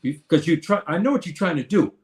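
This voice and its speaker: Man, fairly high voice, live-stream lecturer, halting, restarts often, answers chat. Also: expressive. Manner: halting, many restarts, reads and answers comments.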